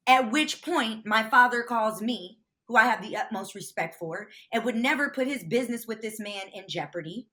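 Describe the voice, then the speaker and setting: Bright, higher-voiced woman telling her story. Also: moderate pace, few pauses. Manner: animated storyteller, swears freely. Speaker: interview guest. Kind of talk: candid retelling of a phone call.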